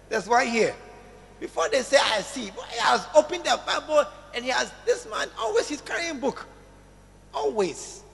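Male pastor, slow, emphatic sermon delivery, long church-hall reverb. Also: extremely high pitch, vocal fry. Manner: emphatic, repeats phrases, calls for "amen" and "tell somebody".

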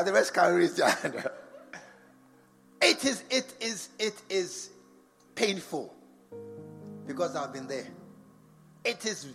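A man's voice: sits high, fairly bright tone. A man preaching a sermon in a large church, firing rhetorical questions at the congregation. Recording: long church reverb with faint music behind.

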